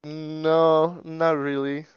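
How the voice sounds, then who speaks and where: A man's voice: fairly high pitch, level tone, very slow, clean tone, dry recording. Young man from Tajikistan, casual interviewee, resonant voice, slightly muffled dry recording. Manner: laid-back, rambling with many fillers.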